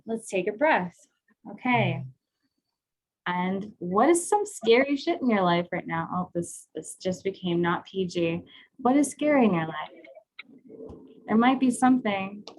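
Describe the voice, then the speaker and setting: A woman's voice: medium pitch, low-quality recording. A woman coaching on intimacy, leading a guided class in a candid, conversational way, often laughing.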